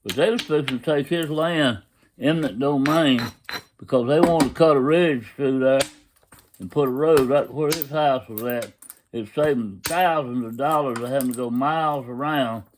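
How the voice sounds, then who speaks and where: A man's voice: mid-range voice, normal speed, background noise. A man telling a story in a folksy, casual way, constantly retelling what others said. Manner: folksy drawl, retelling quotes with "he said".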